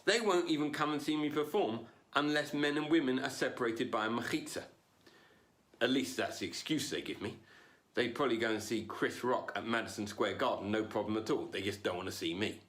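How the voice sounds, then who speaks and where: A man performing a stand-up comedy routine online, jumping between loud punchlines and low asides. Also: a little fast.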